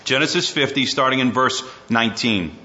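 A man's voice: mid-range voice, normal speed. A man preaching a sermon, reading scripture and acting out quotes with dramatic shifts in his voice. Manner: animated preaching, dramatic voicing of quotes, rising to near shouts. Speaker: pastor. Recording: muffled lo-fi recording.

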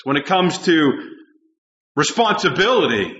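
A man preaching a sermon with passion, swinging from loud urgent lines down to low, intense tones. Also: big pitch swings, measured pace, highs cut off, slight background noise. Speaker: pastor.

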